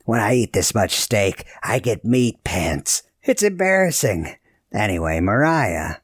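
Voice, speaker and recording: A man's voice: on the low side, very animated, measured pace, slightly rough, no echo, clean studio sound, heavily acted. A man playing a brash male ship's captain who needles and teases his crew. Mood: teasing. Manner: sly, needling, suggestive.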